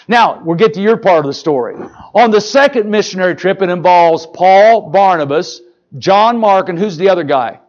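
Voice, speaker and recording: A man's voice: sits high, dull audio. An older man preaching a sermon in a church, folksy and joking, firing questions at the congregation. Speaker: pastor.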